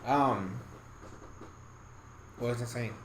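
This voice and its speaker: A man's voice: medium pitch, slow, roomy sound, slight background noise, low-quality recording. A man giving a casual, rambling game review, swearing constantly and getting heated, with bursts of laughter.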